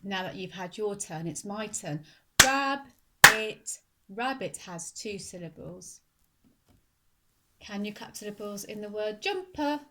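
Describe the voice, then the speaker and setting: A woman teaching a phonics lesson to young children, speaking slowly and clearly and sounding out words syllable by syllable. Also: medium pitch. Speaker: primary school teacher.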